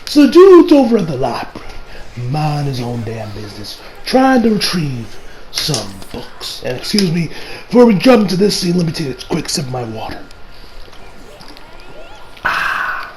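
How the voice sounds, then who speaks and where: A man with a hoarse, strained voice reviewing an anime episode in a rambling, profane, casual way with many restarts. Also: a little high, huge pitch swings, normal speed, noisy background.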